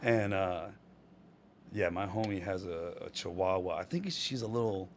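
A man's voice: low voice, moderate pace, slight background noise. A man, a stand-up comedian telling stories in a casual podcast chat, laid-back and full of slang, laughing often. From Rhode Island.

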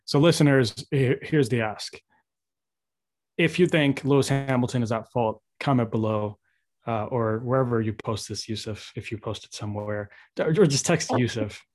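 Mid-pitched man hosting a casual podcast. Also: normal speed, a little mellow. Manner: loose, filler-heavy, teasing. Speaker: podcast host. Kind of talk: casual chat.

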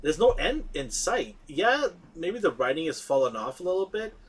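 A man's voice: a little high, normal speed, slight background noise. Chatty man hosting a podcast. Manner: animated, laughing often, many fillers. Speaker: podcast host. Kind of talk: casual podcast chat.

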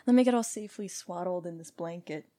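A woman's voice: on the low side, warm tone, no room sound. Playful young woman, dry close sound. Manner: playful, quick to laugh, careful explainer. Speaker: podcast co-host. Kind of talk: casual chat.

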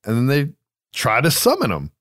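A man's voice: mid-range voice, wildly swooping pitch, moderate pace, heavy background noise. A man co-hosting a casual movie recap, loose and profane, laughing easily. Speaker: podcast co-host.

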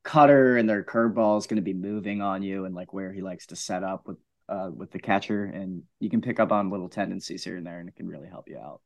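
Young male podcast co-host, low voice, matter-of-fact, dry recording. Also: fairly even intonation, fast, creaky, no room sound. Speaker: co-host of a high school sports podcast. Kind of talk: casual sports chat.

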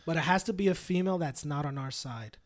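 A man's voice: fairly high pitch, fast talker. A young adult man co-hosting a podcast, talking in an earnest, laid-back way full of slang. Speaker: podcast co-host. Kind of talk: casual podcast chat.

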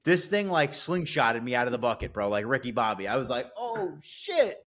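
A man's voice: mid-range voice, fast. Man telling rowdy, profane work stories. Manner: profane, animated storytelling. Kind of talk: casual chat.

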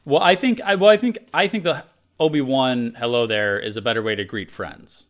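A man hosts a loose podcast conversation and reads out listener messages. His speaking pitch sits at a comfortable middle. He rambles, circles back and restarts his thoughts in an unhurried, everyday way. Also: fairly bright tone. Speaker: podcast host. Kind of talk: casual chat.

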